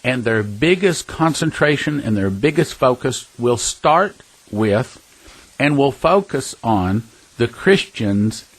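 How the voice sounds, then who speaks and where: Earnest male preacher, mid-pitched husky voice, emphatic storytelling delivery. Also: animated, slow pace, dry recording, low-quality recording. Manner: earnest, emphatic, with scattered restarts and chuckles; addresses listeners as brothers and sisters. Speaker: prophecy ministry speaker. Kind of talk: preaching talk with personal storytelling.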